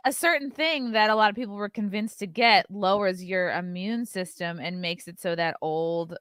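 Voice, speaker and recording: A woman hosting a casual comedy talk show, trading quick teasing banter with her co-host. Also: medium pitch, fairly bright tone.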